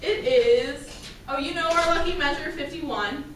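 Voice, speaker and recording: A woman's voice: sits high, measured pace, a bit bright. A woman teaching a school band class, upbeat and encouraging as she counts the players in. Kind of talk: classroom instruction. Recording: roomy, distant, noisy classroom.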